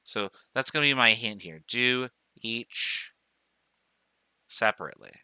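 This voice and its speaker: A man's voice: medium pitch, expressive, a little slow, sharp tone, clear, resonant tone, no room sound. A man teaching chemistry in a recorded lecture, talking through each step aloud, counting as he goes and correcting himself along the way. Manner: talks through steps aloud, counting dots, with self-corrections. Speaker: chemistry professor.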